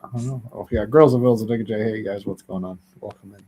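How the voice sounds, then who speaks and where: A man's voice: on the low side, fairly quick, mellow, breathy edge. A man co-hosting a live stream chat in a loose, joking way. He teases the others and greets the viewers.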